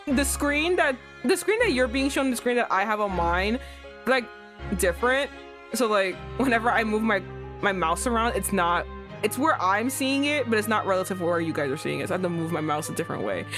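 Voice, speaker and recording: A woman's voice: fairly high pitch, animated, moderate pace, music in the background. A woman streaming a game live, gushing and exclamatory in casual commentary.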